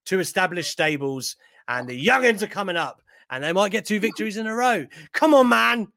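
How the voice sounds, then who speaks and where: A man co-hosting a casual wrestling chat, animated and jokey, with bursts of mock indignation. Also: sits high, brisk, vocal fry, no echo. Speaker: podcast co-host.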